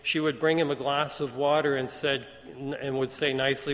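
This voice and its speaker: A man preaching, retelling a story in an even storytelling manner with quoted dialogue. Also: medium pitch, normal speed. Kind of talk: sermon storytelling. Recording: long hall reverb.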